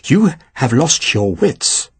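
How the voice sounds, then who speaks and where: A man's voice: mid-range voice, sing-song, slow, slightly rough, no echo, full character voice. A man reading the lines of a proud, defiant young woman in a firm, clipped way.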